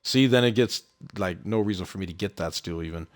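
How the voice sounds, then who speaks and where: A man's voice: sits low, fairly quick. A man casually talking over his own basketball video game stream, grumbling at the game and laughing it off. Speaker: gaming streamer. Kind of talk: casual live gameplay commentary.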